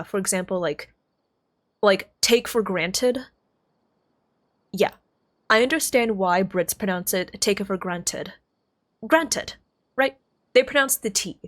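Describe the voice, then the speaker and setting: An American woman streaming live, chatting casually and thinking aloud, often stopping to correct herself. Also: medium pitch. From United States.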